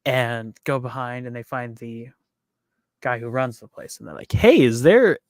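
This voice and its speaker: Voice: medium pitch, little pitch movement, fairly bright tone, clear, resonant tone, no echo, studio quality. A podcast co-host casually retelling a movie's plot scene by scene, laughing along the way. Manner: retells scenes with quick acted quotes, laughs often. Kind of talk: casual movie recap chat.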